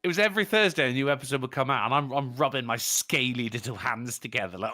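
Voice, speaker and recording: A man's voice: medium pitch, quick pace, bright, forceful tone. A man from England, co-hosting a casual chat and rambling in a jokey, profane way. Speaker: podcast co-host.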